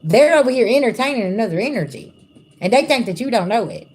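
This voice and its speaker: A woman's voice: on the high side, animated, fast talker, darkish tone, slight background noise. Blunt, casual woman spiritual reader. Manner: casual, blunt, addresses viewers as y'all. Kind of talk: livestream tarot-style reading.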